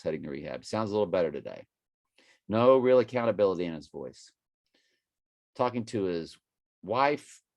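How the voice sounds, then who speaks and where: A man's voice: sits low, no echo. A middle-aged man, rambling through a prophecy monologue as an online preacher and jumping between numbers and scripture.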